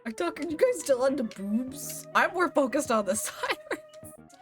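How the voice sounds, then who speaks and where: A woman streamer with a somewhat high voice that swoops widely, reading game dialogue aloud in playful put-on voices. Game music plays faintly behind her. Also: measured pace. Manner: animated, reads characters' lines with playful voices and laughs.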